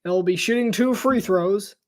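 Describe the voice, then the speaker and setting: A man calls a basketball game alone as an amateur play-by-play commentator. His voice jumps up with excitement on the big plays, and he sometimes stumbles over the players' names. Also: high-pitched, unhurried. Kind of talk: amateur live sports commentary.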